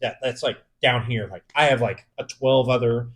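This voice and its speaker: A young man co-hosting a podcast tells a story casually at medium pitch and normal speed. He swears a lot and gets animated while recounting the moment he was frightened.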